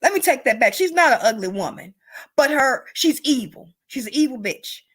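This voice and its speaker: A woman's voice: high voice, lively intonation, moderate pace, slightly rough. Angry, profane true crime commentator woman. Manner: emotional, profane, repeats herself for emphasis.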